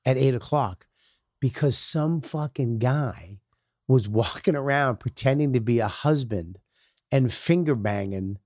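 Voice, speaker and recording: A man who is a comedian guest telling stories in a profane, animated way, acting out quotes. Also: medium pitch, unhurried, dry recording, studio quality. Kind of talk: casual storytelling.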